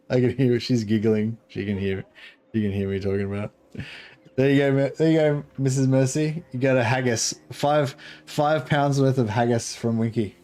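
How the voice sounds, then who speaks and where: A man talks loosely on a game livestream. He rambles from one aside to the next and often chuckles. His voice sits at an ordinary middle pitch. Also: fairly even intonation, normal speed, dark tone. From Australia. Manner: rambling, chuckling, reads chat aloud. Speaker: streamer. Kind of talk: casual live-stream chat.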